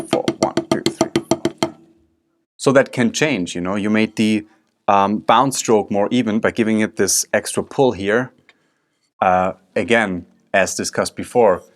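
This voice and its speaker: A man teaching a drum technique lesson, explaining step by step while he demonstrates. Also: fairly low pitch. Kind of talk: instructional video lesson. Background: drum strokes and music.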